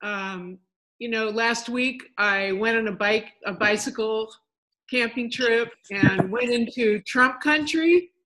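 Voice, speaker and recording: A woman on a group call sharing her feelings in a subdued, halting way. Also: fairly high pitch, a bit bright, low-quality recording. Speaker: participant.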